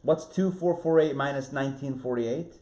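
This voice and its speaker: A man, a rabbi, teaching an online Torah class, lively, restarting phrases and asking his students questions. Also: medium pitch, moderate pace. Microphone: video call. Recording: roomy, muffled video-call audio.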